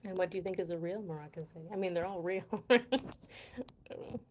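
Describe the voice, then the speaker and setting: A woman's voice: on the low side, steady tone, quick pace, a little hiss or hum. An American woman hosting a casual live chat, reading viewer comments aloud and laughing often between words. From United States. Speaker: host of a language channel.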